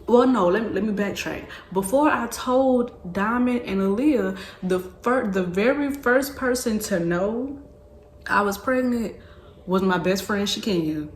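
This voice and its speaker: A woman's voice: medium pitch, a little slow, slight background noise. Chatty young woman telling a story. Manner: chatty, repeats herself, backtracks. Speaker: vlogger. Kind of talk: casual storytelling. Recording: echoey room.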